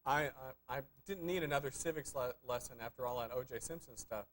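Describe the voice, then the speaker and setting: Dry, teasing TV film co-host. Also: male voice, mid-range voice, fast talker, fairly bright tone, a little hiss or hum, poor audio. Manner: dry, teasing, hesitant with many fillers. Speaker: co-host of a film review show. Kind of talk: casual live TV chat.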